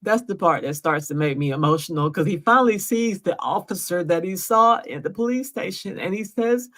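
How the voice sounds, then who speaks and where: A woman's voice: lowish voice, animated, brisk, a bit bright. A woman giving emotional commentary over a recording, earnest and often asking "right?". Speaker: vlogger narrating a recording.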